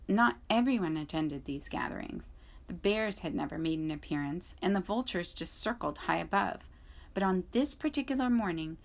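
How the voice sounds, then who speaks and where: Woman librarian, clear expressive read-aloud of a children's book for students. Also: on the low side. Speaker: school librarian.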